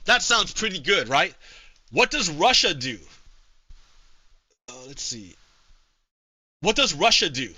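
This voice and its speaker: A male streamer giving casual political commentary to his live chat, halting with frequent repeats and restarts. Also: high voice, big pitch swings, bright, forceful tone, breathy edge, poor audio.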